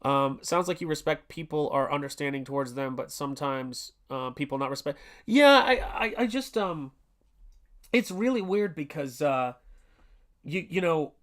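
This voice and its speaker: Fairly high-pitched and a little bright, his voice moves with lively intonation at a moderate pace. He's a man in his forties running a casual art livestream, speaking sincerely while wandering off track with frequent restarts and fillers.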